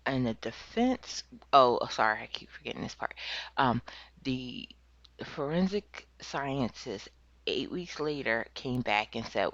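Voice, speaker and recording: A crochet vlogger at home telling a true crime story as casual chat, full of fillers and self-corrections, acting out quoted speech in a higher voice. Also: big pitch swings, a little slow, a bit bright, no echo. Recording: dull, lo-fi, dry recording.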